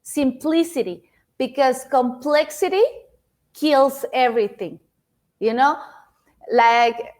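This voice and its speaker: High-pitched woman, non-native English speaker, chatty motivational speaker who repeats herself and keeps checking in with listeners. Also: takes it slowly, long pauses, a little mellow. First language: not English. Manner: chatty, repeats words, speaks to the audience directly. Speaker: speaker giving a self-help talk. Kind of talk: interactive motivational talk.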